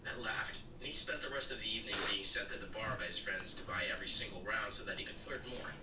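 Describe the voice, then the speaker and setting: Man, synthetic story narrator, flat even delivery, far from the mic, roomy echo, noisy background. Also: fairly low pitch, quick pace. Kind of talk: text-to-speech reading of bartender stories. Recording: echoey, distant, noisy.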